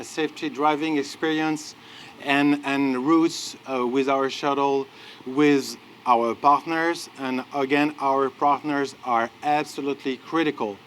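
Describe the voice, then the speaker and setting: A man from France with a French accent, a company executive giving an earnest, halting press conference speech with repeated thanks at an outdoor launch. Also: a little high, a bit bright, a little hiss or hum.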